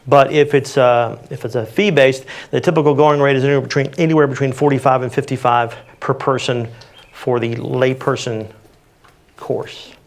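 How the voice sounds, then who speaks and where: A man's voice: medium pitch, steady tone, moderate pace. A man answering audience questions on CPR in a community panel, practical and plain-spoken with frequent fillers.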